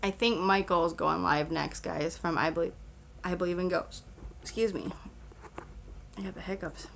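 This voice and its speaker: A woman's voice: on the low side, steady tone, normal speed, creaky, a bit bright, slight background noise. A young woman chatting casually on her own live stream, rambling with lots of fillers and frequent laughter, recorded on a camera on a selfie stick at home. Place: home room with a fan on.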